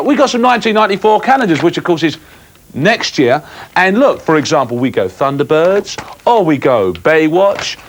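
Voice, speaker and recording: A man presenting a live cable TV phone-in, full of jokey banter and mock bluster. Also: a little high.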